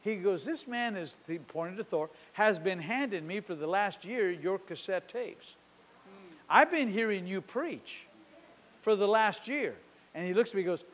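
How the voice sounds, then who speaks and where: High-pitched preacher guy telling a story in a sermon, acts out the dialogue, long echo tail from the hall. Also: animated, normal speed. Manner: storytelling, acting out dialogue with shifting loudness. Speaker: pastor.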